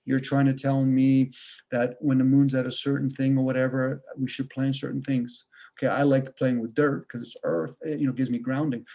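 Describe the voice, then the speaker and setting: A man's voice: medium pitch, level tone, normal speed, gravelly, dark tone, muffled recording. A man ranting casually on a video call, blunt and profane, firing off rhetorical questions. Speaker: video call participant sharing views.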